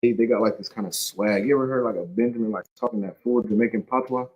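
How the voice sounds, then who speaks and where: A man with a fairly low voice leads a Bible study in a laid-back, slangy way. He jokes around and keeps checking that his listeners follow him. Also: fast talker, muffled recording. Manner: conversational, keeps saying "you know what I'm saying"; slangy and joking. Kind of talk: casual scripture teaching.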